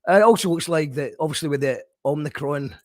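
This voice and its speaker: A male radio host chats casually in a slightly high voice. His delivery is halting, with frequent hesitations, and the sound is dry and close with no room echo. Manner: hesitant, many fillers and restarts.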